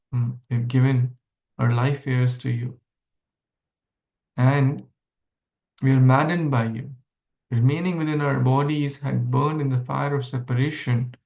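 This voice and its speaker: A man leading a scripture class, explaining a verse slowly and asking listeners questions. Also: mid-range voice, gravelly, darkish tone. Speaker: Bhagavatam class speaker. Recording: echoey room, dull lo-fi sound.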